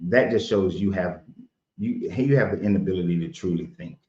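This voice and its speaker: A man's voice: low voice, normal speed, darkish tone. A man hosting a show, arguing bluntly and sarcastically in a heated debate. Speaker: host. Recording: roomy, dull sound.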